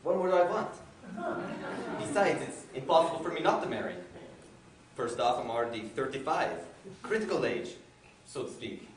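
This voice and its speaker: A man's voice: on the high side, expressive, normal speed, lightly acted. An actor plays a jittery thirty-five-year-old suitor who stammers through stiff, formal phrases on a stage play. He sounds distant, carried through a very echoey hall with a faint hum behind. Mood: anxious. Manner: flustered, stammering, overly formal.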